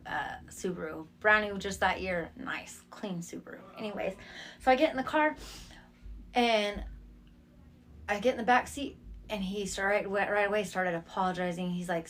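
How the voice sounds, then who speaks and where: A woman with a mid-range voice shares her life testimony as a guest, with slight background noise behind her. Her casual storytelling is animated and streetwise, full of slang, and she acts out the voices of people she quotes.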